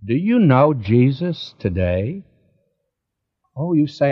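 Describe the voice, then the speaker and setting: Earnest preacher man, slow and lively. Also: medium pitch, dull audio. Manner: earnest, direct address to listener. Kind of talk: radio Bible sermon.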